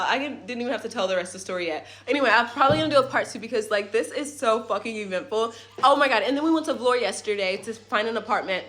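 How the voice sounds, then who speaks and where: A young woman with a voice pitched a little high tells a story in a casual home vlog. She rambles and jumps between side remarks and swearing, keeping it animated and loose. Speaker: family vlogger. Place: at home in a rental apartment.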